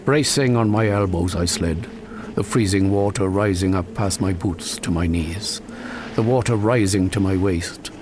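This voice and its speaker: A man narrating a suspenseful first-person story in a measured, dramatic way, breaking into sharp cries at tense moments. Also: low voice, noisy background. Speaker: audiobook narrator.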